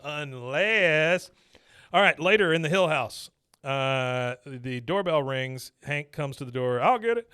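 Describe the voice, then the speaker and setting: A man's voice: a little high, takes it slowly, pushed and bright, smooth, dry recording, clean studio sound. A man co-hosting a podcast, recapping a cartoon in a laughing, casual chat. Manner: laughs a lot, does voices. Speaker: podcast co-host.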